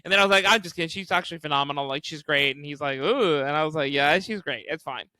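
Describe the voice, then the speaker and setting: A young man, a stand-up comedian and podcast co-host, telling animated stories with lots of swearing and acted-out quotes. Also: on the high side, very fast, clean tone, no echo. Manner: animated, acts out quotes, swears often, laughs while telling. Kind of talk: casual storytelling chat.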